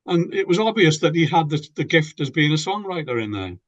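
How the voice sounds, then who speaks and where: A man's voice: on the high side, sing-song, a little fast. Older British man reminiscing, muffled audio. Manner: rambling, repeats words when starting sentences. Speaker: interviewee, former band member. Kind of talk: reminiscing interview.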